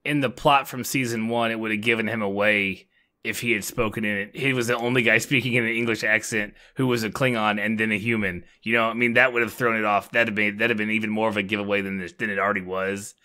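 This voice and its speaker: Male co-host, low voice with a bright edge, relaxed plot recap with ums. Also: fast. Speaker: podcast co-host. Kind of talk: casual chat.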